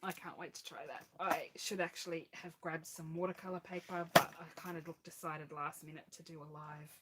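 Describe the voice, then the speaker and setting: A woman's voice: low voice, steady tone, brisk, heavy background noise. A woman hosting a live crafting stream, chatting casually as she narrates each step and laughs at her own mishaps. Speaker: crafting channel host.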